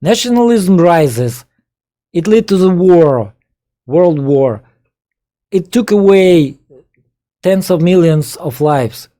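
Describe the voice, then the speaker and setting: A man's voice: sits high, lively intonation, slow pace, pauses often, mellow. A man with a Russian accent whose first language is Russian, giving reaction commentary on a played video and firing exasperated rhetorical questions in broken English. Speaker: political commentator.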